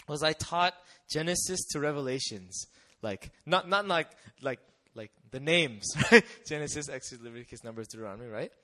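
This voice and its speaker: A young man giving a lively testimony talk, telling a mission story with acted-out voices and frequent laughter. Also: a little high. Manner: animated storyteller, acts out voices, laughs often. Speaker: missionary speaker.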